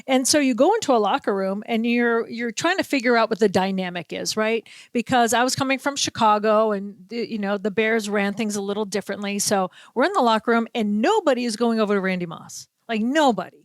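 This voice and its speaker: A woman with a Boston accent, a podcast host and sports reporter telling an animated story and acting out the quotes. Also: on the high side, a little fast, few pauses, no room sound. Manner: animated storyteller, acts out quotes, laughs often. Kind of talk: casual storytelling chat.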